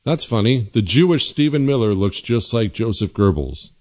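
A man's voice: lowish voice, expressive, moderate pace, darkish tone, a little hiss or hum. A man hosting a political commentary show, delivering an emphatic, combative monologue and repeating phrases for effect. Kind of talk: opinionated monologue.

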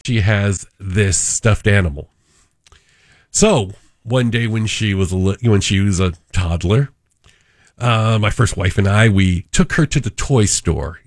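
Animated middle-aged male radio host. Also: dry recording, studio quality. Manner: animated storyteller, acts out voices with pitch jumps. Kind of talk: casual radio chat and storytelling. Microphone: studio microphone.

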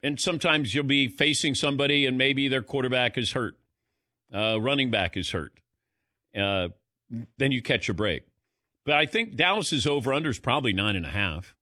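A man hosting sports talk radio in a bright, lively voice that rises and falls freely. He chats loosely with callers and crew. The studio sound is dry and close. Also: mid-range voice, normal speed, dry recording. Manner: chatty, conversational.

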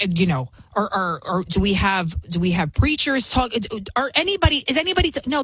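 Woman commentator, husky, dry close sound, emphatic and sarcastic, lots of rhetorical questions. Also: mid-range voice, fairly bright tone, no room sound, poor audio. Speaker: political commentator. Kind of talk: opinionated commentary. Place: New York City.

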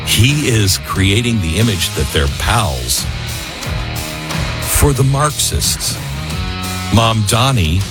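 Animated, emphatic male radio host. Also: fairly low pitch, slow pace, pauses often, loud music behind the voice. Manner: emphatic, animated, mocks others in put-on quotes. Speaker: radio talk show host. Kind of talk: opinionated radio talk and live ad reads.

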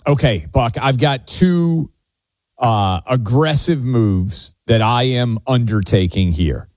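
A man's voice: mid-range voice, animated, takes it slowly, darkish tone, no echo, studio quality. A man from Tennessee hosting a talk radio show, blunt and declarative. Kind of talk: opinionated talk radio commentary.

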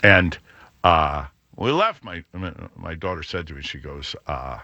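Animated man with a booming voice. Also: measured pace, no room sound, highs cut off. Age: middle-aged. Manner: animated, booming, rambling with many fillers. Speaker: radio show host. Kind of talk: storytelling chat.

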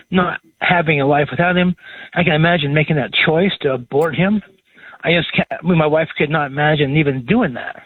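A man's voice: fairly high pitch, husky, no echo. Emotional man caller on a tinny phone line. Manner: emotional, halting. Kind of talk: call-in radio talk.

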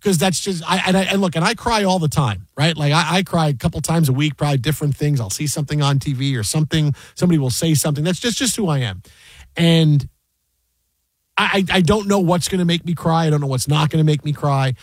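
Emotional, rambling New sports host. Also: male voice, on the high side, quick pace, breathy edge, dry recording. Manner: rambling, emotional, restarts a lot. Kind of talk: excited sports talk chat.

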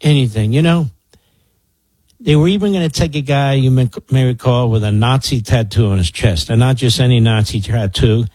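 A man's voice: medium pitch, moderate pace, a little mellow, no echo, poor audio. A man in his sixties from the Philadelphia area, hosting political talk radio in a sarcastic, mocking, emphatic way. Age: 60s. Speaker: radio talk show host.

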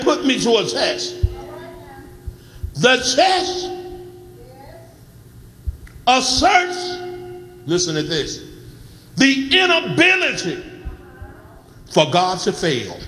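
A middle-aged man preaches a sermon in a high, unhurried voice, drawing the words out before he breaks into shouts and calls on the congregation to answer him. His tone is bright and cutting, and faint music sits underneath. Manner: impassioned preaching, building to shouts with congregation call and response. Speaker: pastor.

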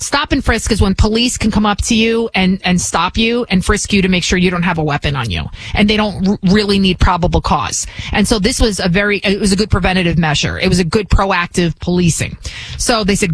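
A woman host gives opinionated political commentary, firing off rhetorical questions and restarting her sentences often. Her pitch jumps up and down with energy. The sound is dry and close, with no room to it. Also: brisk, husky, no room sound. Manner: animated, fires rhetorical questions, frequent restarts.

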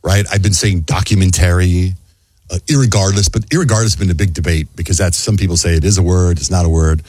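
A man hosting a morning radio show, telling chatty stories and doing animated voices when he quotes people. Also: low-pitched, fast, no room sound. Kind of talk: casual morning radio banter. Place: radio studio.

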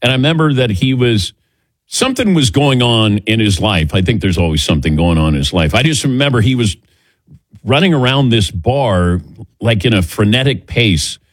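A man hosting a morning sports talk show on the radio, bantering loosely with his crew and tossing to them by name. His voice sits at an ordinary pitch. The sound is dry and close, on a studio mic. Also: expressive, normal speed, dry recording. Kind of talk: casual radio show chat. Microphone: studio microphone.

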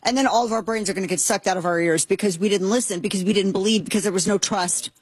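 A woman hosting a talk show, giving comedic political commentary in a sarcastic, excitable, animated way. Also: mid-range voice, fast talker, breathy edge.

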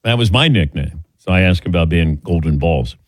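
A man's voice: sits low, lively intonation, a little fast, no room sound. Wry man hosting sports radio. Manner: wry, self-deprecating joking. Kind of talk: casual sports talk radio.

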